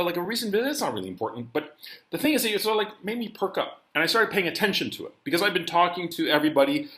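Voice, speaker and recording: A man's voice: on the high side, a bit bright. A man hosting his own channel, telling a story in a loose, rambling, conversational way from indoors. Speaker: channel host. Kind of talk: casual storytelling monologue. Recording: roomy echo.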